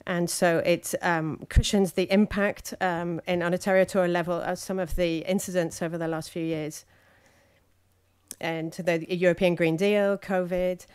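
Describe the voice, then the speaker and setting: A woman interpreting speeches live at a conference, halting often with fillers between phrases. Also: lowish voice, clear, resonant tone.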